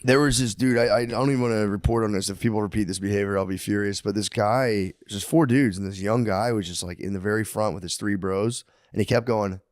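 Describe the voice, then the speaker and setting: A man's voice: fairly low pitch, steady tone, fast, few pauses, no echo. A young man co-hosting a podcast, telling loose, profane stories and laughing a lot. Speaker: podcast co-host. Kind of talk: casual chat.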